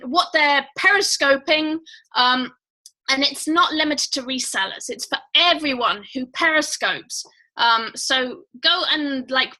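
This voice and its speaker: Poor audio carries the high, pushed, bright voice of a woman running a laid-back livestream. Her chatter wanders, full of fillers, as she welcomes each viewer individually.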